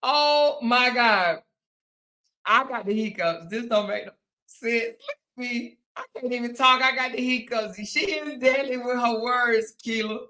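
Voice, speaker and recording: Fighting off the hiccups, this fifty-something woman laughs her way through viewer comments on a casual livestream, drawling Southern-Black-style endearments like honey and girl. She speaks unhurriedly in a fairly high, bright, forceful voice.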